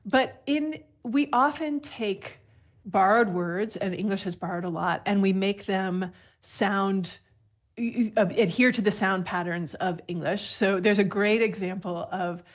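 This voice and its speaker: Woman guest expert, explanatory and friendly, mid pitch, laughs as she talks. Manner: explanatory, laughs lightly while talking. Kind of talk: explanatory radio talk.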